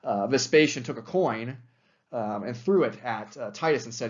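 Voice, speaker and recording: Here a young adult lecturer covers history at a moderate pace in a medium-pitched voice, captured on a muffled recording. It sounds relaxed and conversational, full of frequent fillers.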